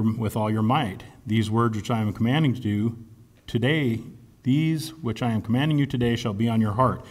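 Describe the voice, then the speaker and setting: A man giving a relaxed, conversational sermon. He reads scripture passages aloud and breaks in with casual asides, often tossing out "right?" and stopping to hunt for a word. His pitch sits in the middle for a man. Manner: casual, asks "right?" often, pauses to search for words. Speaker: preacher.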